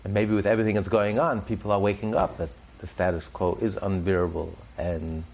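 Gravelly low-voiced man preaching with fervor. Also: level tone, fairly quick, darkish tone, rough recording. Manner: preacherly, rises sharply in pitch for emphasis; tells stories with acted-out voices. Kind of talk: animated religious teaching in an interview.

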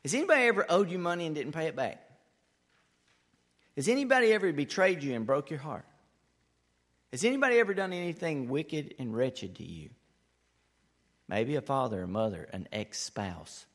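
A man preaching a sermon, his delivery swinging between loud, eager stretches and hushed, quiet lines. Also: on the high side, very animated, moderate pace, long pauses, long reverb tail. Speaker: pastor.

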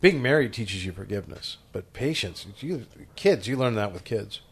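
A man co-hosting a casual church talk, relaxed and joking, sometimes reflective. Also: fairly low pitch, normal speed, slightly rough. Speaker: podcast co-host. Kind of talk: casual chat about sermon questions.

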